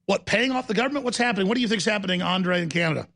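A man hosting a radio talk show, animated and jokey as he talks to guests and callers. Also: high voice, racing. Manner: animated, jokey, slips into silly impressions. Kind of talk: rambling talk radio banter.

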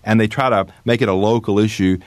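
A man appearing as a guest on talk radio, telling stories in an animated way and cracking sarcastic jokes. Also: fairly low pitch, fast, no room sound.

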